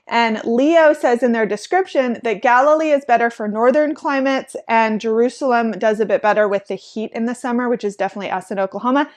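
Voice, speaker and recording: Bubbly, chatty woman farmer with a slightly high voice. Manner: chatty and bubbly, with frequent "like" and laughter. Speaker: flower farmer. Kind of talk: casual how-to vlog.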